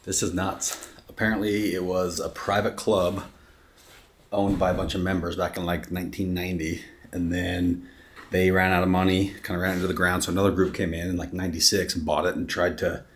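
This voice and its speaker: A man hosting an exploring vlog, telling a story in an excited, casual way and saying "dude" a lot. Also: sits low, brisk, a little hiss or hum. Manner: excited, storytelling, says "dude" and "crazy" often. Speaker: vlogger host. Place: abandoned resort building, indoors.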